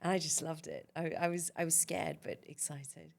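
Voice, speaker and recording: Gravelly, low-voiced woman, chatty guest. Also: fairly even intonation, moderate pace, darkish tone. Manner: chatty and enthusiastic, with laughs and fillers. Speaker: actress guest. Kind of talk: casual interview chat.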